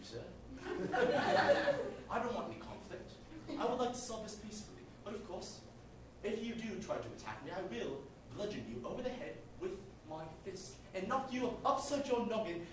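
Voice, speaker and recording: A man doing a prim British gentleman. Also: high voice, huge pitch swings, moderate pace, noisy background, voice pushed up. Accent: British (put on). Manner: politely threatening. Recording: echoey club from far off.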